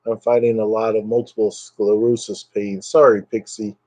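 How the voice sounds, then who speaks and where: A man chats casually with his livestream viewers in a warm, mellow voice, slightly fried and low on energy. He rambles from comment to comment. His webcam mic sounds dry and close. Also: flat delivery, normal speed, no room sound. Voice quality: voice a bit fried. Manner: rambling and chatty, reading out viewer comments, drifting into brief impressions. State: low energy, recovering from illness. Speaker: livestream host chatting with viewers. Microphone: computer webcam mic.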